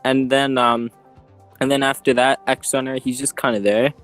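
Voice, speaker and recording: A man of middle pitch, rambling and repeating himself as he talks over the others on a group voice call. He is a gaming team's coach joking through a press conference, with faint music behind him. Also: level tone, normal speed, fairly bright tone. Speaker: team coach. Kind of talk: casual esports press conference banter.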